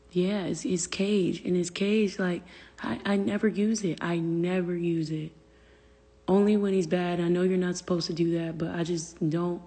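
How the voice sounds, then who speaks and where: A woman's voice: fairly low pitch, level tone, moderate pace, dark tone, husky, big-room sound. A young woman venting on a phone livestream, profane and exasperated, answering viewer comments aloud. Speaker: livestream host. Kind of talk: casual livestream rant.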